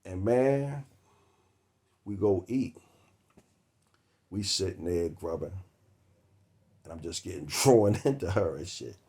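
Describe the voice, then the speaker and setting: Man, comic storyteller, swears a lot, chuckles mid-sentence, lowish voice. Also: expressive, slow pace, pauses often, darkish tone. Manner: profane, laughing through the story. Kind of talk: comedic storytelling monologue.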